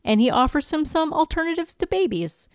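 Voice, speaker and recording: A woman's voice: high-pitched, sing-song, brisk, no room sound, studio quality. A woman co-hosting a podcast, recapping TV episodes in playful, giggly storytelling. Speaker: podcast co-host. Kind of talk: casual chat recapping TV episodes.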